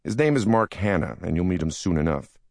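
Man voicing contemptuous young yuppie broker, gravelly, dry read. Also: low voice, animated, brisk, a little mellow, no echo. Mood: curt. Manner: contemptuous, smirking. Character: sneering young male yuppie broker, disdainful.

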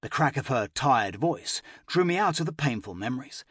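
A man narrating a first-person fantasy audiobook with expressive, emotional delivery. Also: mid-range voice, moderate pace, breathy edge, dry recording, clean studio sound.

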